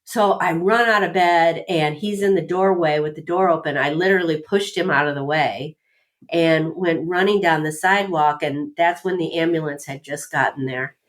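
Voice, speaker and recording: A woman chatting casually as a neighbor, telling her side of events in a brisk, plain way. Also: sits low. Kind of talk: casual chat.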